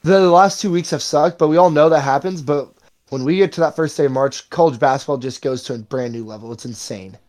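A man's voice: fairly high pitch, brisk, darkish tone. A young man co-hosting a casual sports podcast, easygoing and rambling, often correcting himself mid-sentence. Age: young adult. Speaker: podcast co-host.

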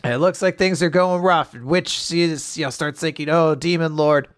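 A man co-hosting a casual podcast, recapping a story and acting out characters' lines in quick put-on voices. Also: a little high, no echo, studio quality. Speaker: podcast co-host recapping manga. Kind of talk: casual chat.

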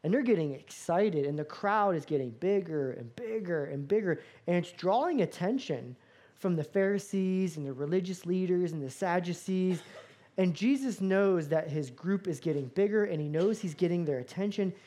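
Man from Florida telling a lively sermon story. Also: sits high, moderate pace. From Florida, USA. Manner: animated, self-mocking storytelling. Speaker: pastor.

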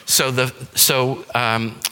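Male seminar speaker, bright clear tone, conversational teaching, reverberant church hall. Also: medium pitch, level tone, very slow. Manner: conversational, explanatory, with frequent "um" and "you know". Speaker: seminar speaker on dementia caregiving.

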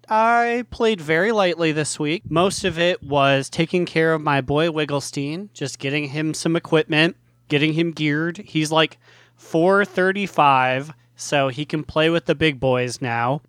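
A man's voice: fairly high pitch, fairly bright tone, no echo, studio quality. A man co-hosting a casual gaming chat, telling joking, laid-back stories. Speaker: podcast co-host.

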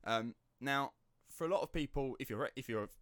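A man's voice: mid-range voice, moderate pace, no room sound, studio quality. A man with an Estuary English accent, chatting casually and telling stories animatedly, with some swearing. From England. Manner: animated storyteller, swears freely. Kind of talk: casual chat.

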